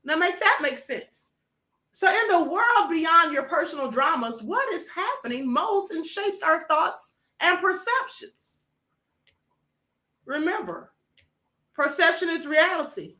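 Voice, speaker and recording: A woman's voice: extremely high pitch, lively intonation, a little slow, bright, forceful tone, echoey room. A woman hosting a live stream for members, chatting casually, greeting viewers by name and calling them honey and beloved. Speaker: host. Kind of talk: livestream talk to members.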